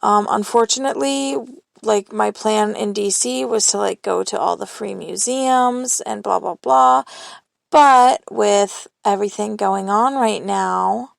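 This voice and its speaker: Unhurried and creaky, her mid-range voice carries a solo confessional podcast she records on her phone with no echo. The young host rambles openly and swears casually.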